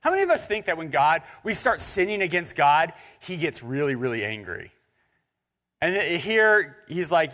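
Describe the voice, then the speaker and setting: A young pastor preaches in a church sanctuary in an animated, conversational way, joking with the congregation and tossing in asides. His voice is on the high side and he talks at normal speed.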